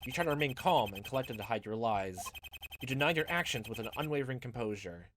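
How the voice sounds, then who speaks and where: A man voicing a confident young male defense attorney, accusing a witness in a forceful courtroom manner, over game music. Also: medium pitch, lively intonation, fast, close to an everyday voice.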